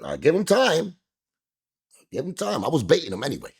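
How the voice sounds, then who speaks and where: A man, an interview guest telling a story with lively, animated delivery, acting out what other people said. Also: fairly quick, vocal fry, husky. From New York. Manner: acts out quoted voices, jumping high and loud.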